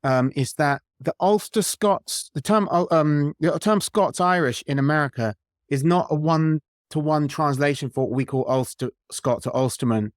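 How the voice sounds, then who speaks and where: A British man talking as a podcast guest in a lively, opinionated way, with many restarts. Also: on the high side, normal speed, dry recording, clean studio sound. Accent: British English. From Britain. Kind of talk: casual interview chat.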